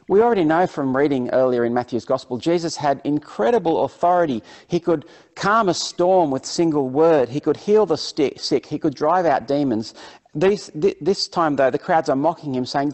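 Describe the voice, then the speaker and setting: A man preaching to his congregation, reading passages aloud and then unpacking them. His voice sits at a medium pitch. He reads with plain emphasis and explains in an everyday spoken manner. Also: moderate pace, a little mellow. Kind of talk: sermon with Bible reading.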